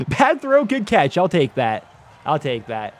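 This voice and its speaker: Hyped up gamer guy calling his own football game, voice sits high and jumps all over. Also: unhurried. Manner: excitable, laughing, talks to viewers. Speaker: gaming YouTuber. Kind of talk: excited gameplay commentary.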